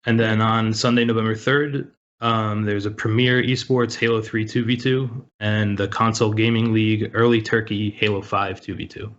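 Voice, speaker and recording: Low-voiced man reading esports results. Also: flat delivery, moderate pace, a bit bright. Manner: matter-of-fact, listing names and results. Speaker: news segment co-host. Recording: dull lo-fi call audio.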